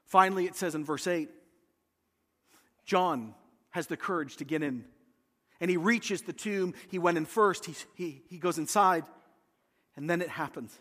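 Man preaching, high voice, dramatic storytelling, long hall reverb. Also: moderate pace, pauses often, a bit bright. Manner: dramatic storytelling, acting out voices of scripture figures. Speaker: pastor. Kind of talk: sermon.

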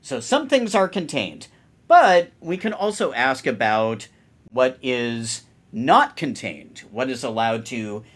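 A man's voice: medium pitch, big pitch swings, takes it slowly, fairly bright tone. A man co-hosting a podcast and explaining ideas in a thoughtful, casual way. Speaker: podcast co-host. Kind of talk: casual chat.

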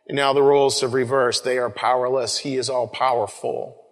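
Male pastor, relaxed sermon, mid-pitched voice, long reverb of a big church. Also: normal speed. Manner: conversational, often repeats words, addresses listeners as folks. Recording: long reverb of a large room.

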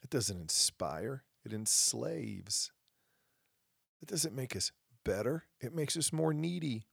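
A gravelly, husky-voiced man hosting his own podcast, speaking with passion and slipping into sarcastic asides. The recording is dry and close, with no room sound. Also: medium pitch, lively intonation, slow, fairly bright tone, no room sound. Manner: impassioned, with mocking asides. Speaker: podcast host. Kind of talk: opinion monologue.

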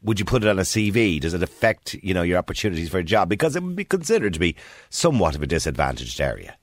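A man's voice: deep voice, big pitch swings, quick pace, no echo. A man in his sixties with a mild Dublin accent, hosting a chatty radio phone-in and putting questions to listeners. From Ireland. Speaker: radio presenter. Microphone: studio microphone.

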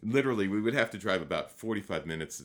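A man telling a story in a relaxed conversational way, with fillers and restarts. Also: lowish voice, fast. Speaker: guest teacher.

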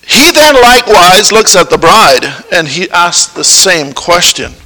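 Bright, high-voiced preacher man in hall. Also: big pitch swings. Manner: questions the congregation, halting restarts. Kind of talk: sermon. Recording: long hall reverb.

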